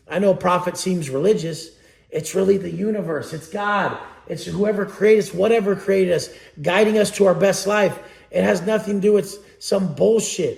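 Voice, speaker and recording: A man's voice: high-pitched, creaky, darkish tone, echoey room. A man giving a blunt, profane motivational talk as a coach, preaching to his audience.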